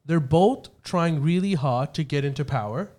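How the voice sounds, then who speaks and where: Explanatory man with a slightly high voice. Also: normal speed, darkish tone. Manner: explanatory, methodical, hesitant restarts. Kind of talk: casual chat.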